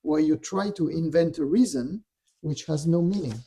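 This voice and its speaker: A man voicing a sly, taunting dark spirit. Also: on the high side, moderate pace, husky. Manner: mocking, needling questions.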